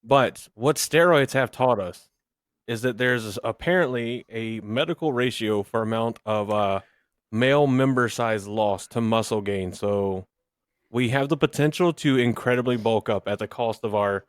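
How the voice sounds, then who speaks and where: A young man in his twenties co-hosts a podcast in a dry, close recording. He jokes deadpan at a middling pitch and then reads out facts. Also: a little slow, no room sound. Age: young adult. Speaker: podcast co-host. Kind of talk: casual chat.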